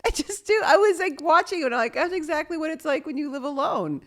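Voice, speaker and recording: A woman's voice: high-pitched, lively intonation, quick pace. A woman co-hosting a podcast in casual chat, laughing often and acting out little quotes as she tells stories. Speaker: podcast co-host.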